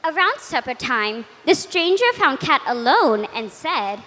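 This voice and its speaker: A young woman narrating a school readers' theatre piece in a measured, sing-song way. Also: high-pitched, very animated, bright, forceful tone, long reverb tail. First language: Thai.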